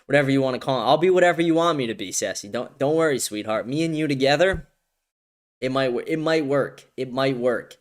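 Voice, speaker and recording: A man's voice: mid-range voice, a little fast, close to an everyday voice. A man mimicking a swooning, smitten young woman. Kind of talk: mocking impression in a livestream.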